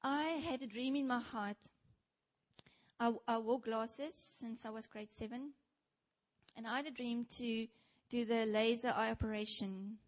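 A woman's voice: a little high, a little slow. South African woman preaching to a congregation. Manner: animated storytelling, addresses the congregation directly. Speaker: church speaker. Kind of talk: sermon.

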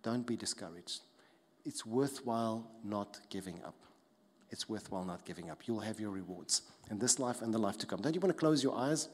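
A man preaching a sermon as a pastor, emphatic, repeating key phrases and dropping soft to stress them. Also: lowish voice, normal speed. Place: church hall. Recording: long hall reverb.

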